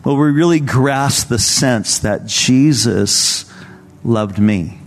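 A man's voice: mid-range voice, takes it slowly, in a large hall. A man preaching as a pastor at a church service, telling stories in a casual, earnest way. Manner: conversational, earnest storytelling. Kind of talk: sermon.

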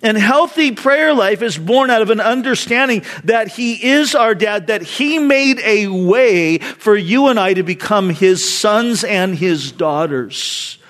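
A man's voice: high voice, lively intonation, a little slow, few pauses, fairly bright tone. A middle-aged man preaching a sermon to his church in an earnest, conversational way, often repeating words as he goes. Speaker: pastor.

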